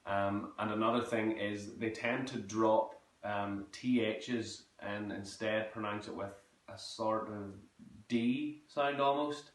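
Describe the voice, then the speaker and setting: A young man teaching an online drama lesson, relaxed and full of ums as he demonstrates sounds. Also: fairly low pitch, slow. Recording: echoey room, mic at a distance.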